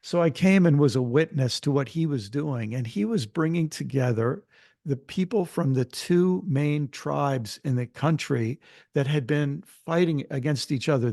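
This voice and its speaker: Older guy on a panel, gravelly voice, dry close sound, thoughtful storytelling. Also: mid-range voice, a little mellow, dry recording. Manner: measured, reflective storytelling with small restarts. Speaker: panelist, Christian author.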